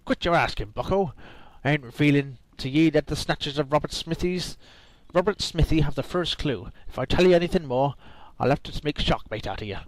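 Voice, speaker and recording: A man's voice: medium pitch, brisk, no echo, close to an everyday voice, low-quality recording. A man reading a game's dialogue aloud, voicing a boastful, rum-loving old male pirate with growled "arr"s. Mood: blustering pirate.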